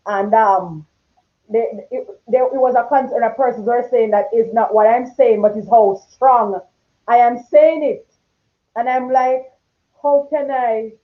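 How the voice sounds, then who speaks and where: Heard on a tinny, phone-like video call, a woman hosts a talk show in casual chat. Her fairly high voice is strong and forceful, a little slow, and grows loud when she gets passionate.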